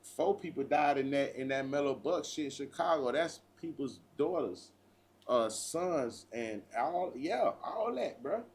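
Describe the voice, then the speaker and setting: Animated, high-pitched man preaching street talk. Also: measured pace. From United States. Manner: profane, preachy street talk with repeated "bruh". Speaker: livestream host. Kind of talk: casual livestream monologue.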